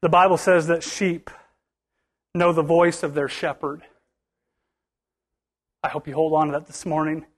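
Fiery, high-voiced preacher, emphatic bursts. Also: male voice, steady tone, a little slow, pauses often. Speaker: pastor. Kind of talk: sermon. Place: church.

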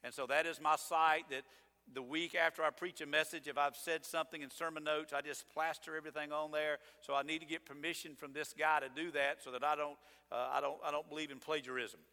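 Bright-voiced preacher man in a church hall. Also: a little high, level tone, a little fast. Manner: conversational, emphatic preaching with sarcastic asides. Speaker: pastor. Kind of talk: sermon. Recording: long reverb of a church hall.

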